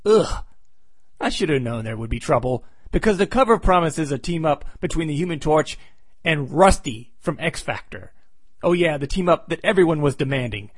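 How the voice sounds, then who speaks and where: A man's voice: a little high, lively intonation, brisk, husky, no echo. A man reviewing an old comic book, recapping the plot with wry, sarcastic asides.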